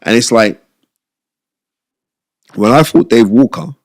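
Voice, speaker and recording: A middle-aged man, a podcast host, telling stories from his boxing past in an animated, emphatic way, repeating phrases and often asking "you know what I mean". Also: mid-range voice, takes it slowly, no echo. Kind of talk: conversational storytelling.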